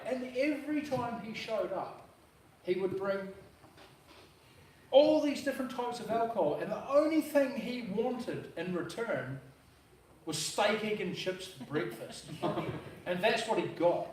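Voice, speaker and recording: A man's voice: sits high, big pitch swings, measured pace, slight background noise. A man giving an informal eulogy for his brother-in-law at a memorial service, telling stories in a blunt, casual way with slang and swearing. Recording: echoey room, heard from a distance.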